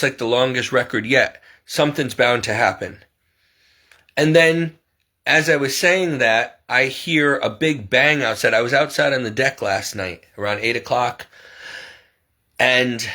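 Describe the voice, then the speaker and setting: Bright-voiced man venting in a rambling vlog. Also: mid-range voice. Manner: rambling, exasperated, repeats himself. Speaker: vlogger. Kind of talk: casual storytelling monologue.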